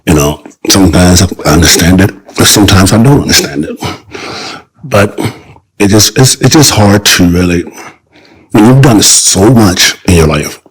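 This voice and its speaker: An older man talking as a guest in a casual interview, rambling with halting restarts and repeated phrases. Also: deep voice, lively intonation, slightly rough, low-quality recording.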